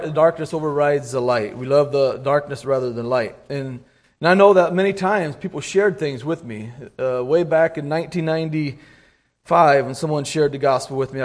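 A middle-aged man giving an informal sermon, halting and repeating words, clearing his throat often and reading scripture aloud in old-fashioned wording. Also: medium pitch. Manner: reads scripture aloud in King James wording. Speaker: lay preacher.

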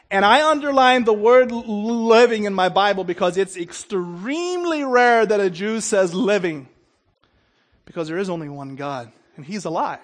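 A man with a high-pitched voice preaching a sermon. He trips over the starts of words and repeats them, and often checks in with his listeners. His delivery swings between loud, emphatic bursts and hushed, low asides. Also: lively intonation, moderate pace. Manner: stumbles and repeats opening sounds, checks in with "Okay?".

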